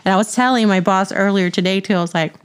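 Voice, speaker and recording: A woman's voice: mid-range voice, fast, smooth. A middle-aged woman hosting a casual podcast chat, ranting bluntly and laughing often. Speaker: podcast host.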